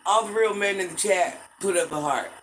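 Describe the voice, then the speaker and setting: A woman's voice: medium pitch, normal speed, a bit bright, rough recording. An older woman hosting a casual livestream from home, chatting with viewers and greeting them with pet names. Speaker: livestream host.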